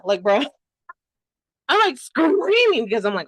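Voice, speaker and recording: A woman's voice: sits high, big pitch swings, normal speed, no echo. A young woman giving a casual, dramatic book review, full of fillers and rambling asides. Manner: gushing, dramatic, heavy filler "like".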